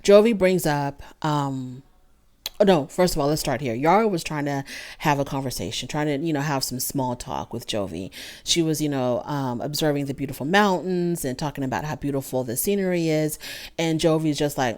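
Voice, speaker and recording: A woman hosting a casual reality TV recap, opinionated and animated, thinking aloud with restarts. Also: low voice, moderate pace. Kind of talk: casual commentary.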